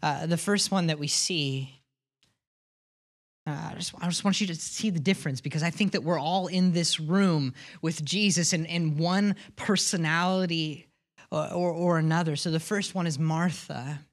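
A low-pitched woman preaches to her congregation with an earnest, searching delivery. She stumbles and repeats words as she restarts her thoughts. She puts questions to the room as she goes. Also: moderate pace. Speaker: pastor. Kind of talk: sermon.

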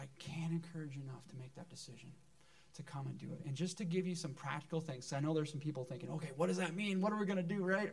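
In a church sanctuary, a pastor delivers a sermon to his congregation in a fairly high, slightly mellow voice. He is earnest and often repeats words to drive a point home.

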